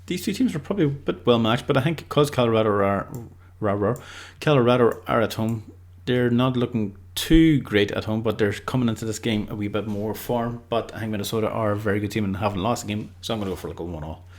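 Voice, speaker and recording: A man's voice: lowish voice, fast talker, few pauses. A man giving casual, unscripted football predictions, rambling loosely and leaning on lots of filler words. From Ireland.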